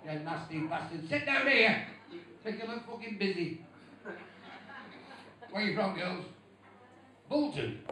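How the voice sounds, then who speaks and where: A man's voice: high-pitched, lively intonation, unhurried, long pauses, pushed and bright. A man from England doing crude stand-up, roasting the crowd with swearing and insults. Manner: brash, swearing, insulting the audience. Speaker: stand-up comedian. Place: bar show stage. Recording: distant, echoey and noisy club recording.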